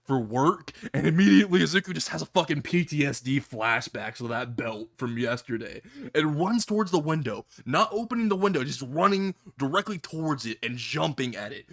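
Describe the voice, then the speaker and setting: A man's voice: a little high, lively intonation, brisk, vocal fry, fairly bright tone. A man telling a comedic fan-fiction story in a casual way, laughing at his own jokes and swearing freely.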